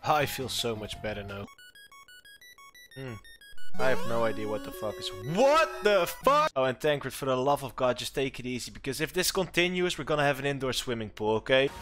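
A man streaming a game, talking in a casual, excitable way, swearing often and yelping at what happens on screen. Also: medium pitch, a little fast, music in the background. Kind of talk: casual gameplay commentary.

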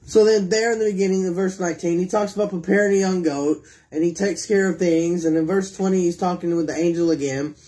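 A man's voice: high voice, steady tone, fast talker, hardly any pauses, warm tone. A man preaching a sermon, reading scripture and asking his listeners questions, and acting out prayers in a pleading voice. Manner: reads scripture and asks the congregation questions.

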